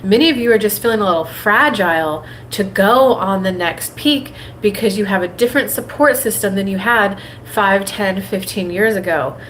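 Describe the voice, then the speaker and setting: A woman hosting a live spiritual reading show, talking conversationally and acting out quoted inner voices in a brighter tone, often repeating phrases in a rhythmic way. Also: medium pitch, moderate pace, hardly any pauses, slight background noise, rough recording. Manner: repetitive and rhythmic when making a point. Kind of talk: livestream talk with a channeled-style message.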